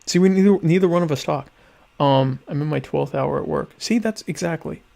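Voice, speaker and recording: A man's voice: on the high side, fairly quick, gravelly, warm tone. Sardonic man hosting a casual live show. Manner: sardonic, mock-pompous, reads viewer comments aloud. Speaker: podcast host. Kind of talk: casual live-stream chat.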